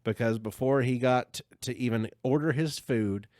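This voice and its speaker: A man hosting a podcast, retelling a story in casual chat with an animated, rambling manner. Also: mid-range voice, normal speed, no room sound. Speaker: podcast host.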